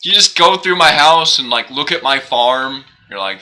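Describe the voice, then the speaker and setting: This young man's mid-range voice keeps a moderate pace with few pauses as he chats casually while streaming a game. Animated and prone to laughing, he rambles and keeps questioning himself. The audio is poor.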